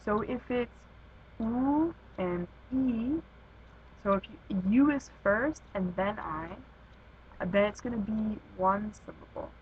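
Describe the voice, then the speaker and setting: A woman's voice: medium pitch, phone-quality sound, a little hiss or hum. A woman tutor giving a casual recorded lesson, talking informally and thinking aloud with fillers and restarts. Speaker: Spanish tutor.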